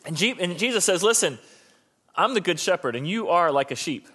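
Joking pastor with a fairly high voice. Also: male voice, expressive, brisk, bright, forceful tone, husky. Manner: conversational and joking, often restarting his sentences. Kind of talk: sermon.

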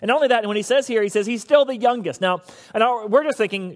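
Preacher guy, high voice, acts out the bible people, big echoey church hall. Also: quick pace. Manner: animated storyteller acting out characters. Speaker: pastor. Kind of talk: sermon.

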